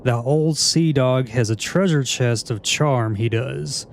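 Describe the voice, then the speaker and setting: A man's voice: mid-range voice, slow pace, creaky, a little hiss or hum. A man putting on a swaggering old pirate. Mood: flirty, swaggering. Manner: pirate slang in a put-on Southern drawl. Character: swaggering old male pirate sea dog.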